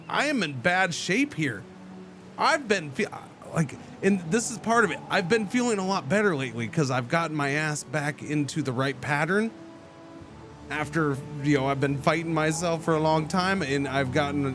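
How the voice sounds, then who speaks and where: Male streamer, fairly high voice that swings widely, rambling casual storytelling, music playing behind. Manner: rambling, animated, many restarts. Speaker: game streamer. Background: background music.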